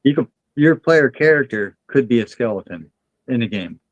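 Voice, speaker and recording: A thoughtful man chatting as a guest, talking ideas through at an easy pace. His middle-pitched voice sounds dry and close to the mic. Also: animated, normal speed, no echo, highs cut off. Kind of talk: casual chat.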